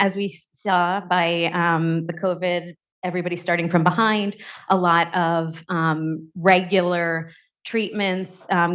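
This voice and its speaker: A woman physician on a panel, speaking in an earnest, measured and cautionary way. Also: on the low side, dull audio. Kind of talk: panel discussion.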